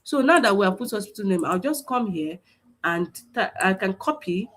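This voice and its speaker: A woman teaches an online class over a screen share, recorded through a computer mic on a video stream. Her medium-pitched, slightly bright voice is animated and moderately paced as she explains step by step in a repetitive, stop-start way, full of fillers and restarts.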